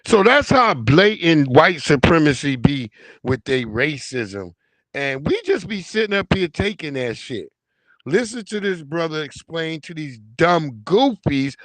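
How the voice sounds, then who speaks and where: A man's voice: medium pitch, fairly bright tone, no echo. A man hosting a live stream, giving loose, profane, slangy commentary on video clips.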